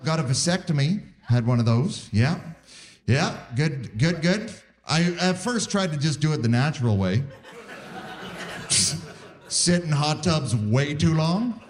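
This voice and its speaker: A man in his forties from Canada doing a stand-up set, animated, jumping into high squeaky voices for his bits. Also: measured pace, pauses often. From Saskatoon, Canada. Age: 40s. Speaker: stand-up comedian. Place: live comedy venue with audience. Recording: live set with audible crowd noise.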